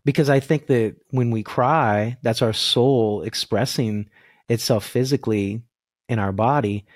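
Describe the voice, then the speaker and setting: A man's voice: medium pitch, a little slow, no room sound, studio quality. A man who works as a voice coach, talking earnestly about spirit and energy in a podcast conversation over a video call. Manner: earnest, spiritual, animated storytelling.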